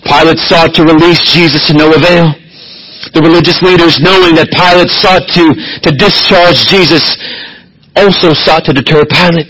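A man's voice: on the high side, steady tone, normal speed, fairly bright tone, breathy edge, low-quality recording. A man preaching an expository sermon as pastor, reading scripture and building to emphatic, rising swells.

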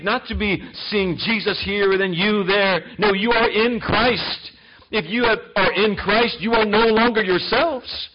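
Husky high-voiced male preacher. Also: dull audio. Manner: emphatic, swinging between loud and soft. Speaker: pastor. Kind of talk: sermon.

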